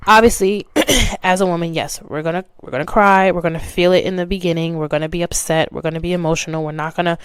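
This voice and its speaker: A woman's voice: lowish voice, steady tone, fast talker, clear, resonant tone, dry recording. A young adult woman talking candidly and animatedly as a podcast host, speaking straight to the listener. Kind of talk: casual monologue.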